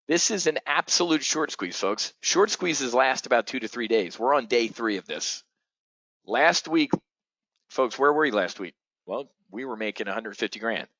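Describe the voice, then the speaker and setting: An excitable man runs a live trading webinar, talking straight to his audience and swearing as things move. His voice sits at an average pitch. The sound is dry and a little dull, with no room around it. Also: dry recording.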